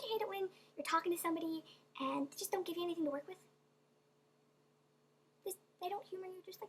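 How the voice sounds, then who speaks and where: A young woman talks straight to her camera in a loose, rambling vlog monologue. Her voice sits extremely high, and she sometimes slips into whispered asides. A faint hiss runs under the recording. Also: quick pace, long pauses, a bit bright. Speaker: vlogger.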